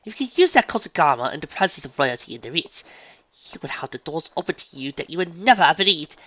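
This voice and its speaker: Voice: mid-range voice, very animated, fast, a bit bright, dry recording, pitched above the performer's own voice. A reader voicing a refined, dramatic unicorn dressmaker mare who talks in a posh, gushing, theatrical way, on a dull lo-fi recording. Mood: persuasive.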